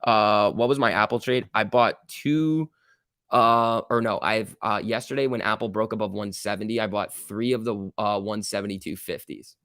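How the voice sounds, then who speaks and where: A man hosting a live stock trading stream, reacting excitedly to price moves and chatting casually with viewers. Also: on the low side, moderate pace, clean tone, dry recording, studio quality. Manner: excitable, exclaiming at price moves, reading chat aloud. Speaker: stock trading livestream host.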